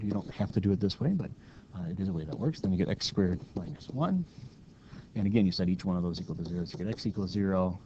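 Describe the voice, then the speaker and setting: A man's voice: sits low, mellow, lo-fi sound, slight background noise. A man teaching calculus in a casual, step-by-step lecture, stopping now and then to correct his own slips. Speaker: math teacher.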